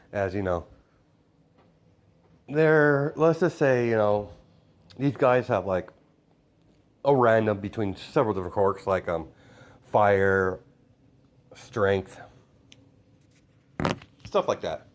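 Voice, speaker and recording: A man improvising a fan story out loud in a rambling way, filling his sentences with hesitations and fillers. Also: lowish voice, slow, pauses often. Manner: rambling, full of "you know" fillers.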